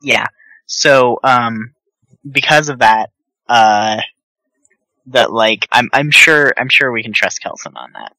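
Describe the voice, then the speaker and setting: A man's voice: mid-range voice, expressive, slow pace, creaky, pauses often, pushed and bright, no room sound, rough recording. A man playing a tabletop role-play game, chatting casually with many fillers. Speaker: player.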